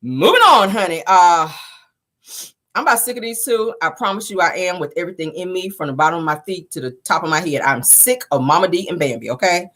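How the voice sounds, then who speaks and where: A woman's voice: on the low side, fairly quick. Sassy woman dishing celebrity gossip, voice bouncing all over, says honey a lot. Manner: sassy, animated, calls listeners child and honey. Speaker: gossip show host. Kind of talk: casual celebrity gossip commentary.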